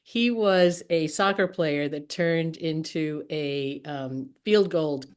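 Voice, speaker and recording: Low-voiced woman hosting a chatty interview. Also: slow pace, clear, resonant tone. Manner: chatty, filler-heavy, laughs easily. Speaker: podcast host. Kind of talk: casual interview chat.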